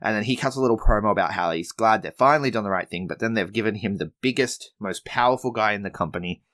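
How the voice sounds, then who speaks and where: A man's voice: on the low side, fast, a bit bright. A man hosting a wrestling podcast, recapping episodes in a chatty, laid-back way with frequent restarts. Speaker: podcast host reviewing wrestling shows. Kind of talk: casual recap commentary.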